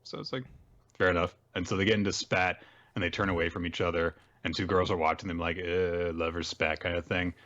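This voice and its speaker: A man's voice: deep voice, little pitch movement, fast talker, a bit bright, lo-fi sound. A man co-hosting a podcast, casually summarizing comic chapters with chatty asides. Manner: chatty summarizing, acted quotes, frequent laughs. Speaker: podcast co-host. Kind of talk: casual chat recapping manga.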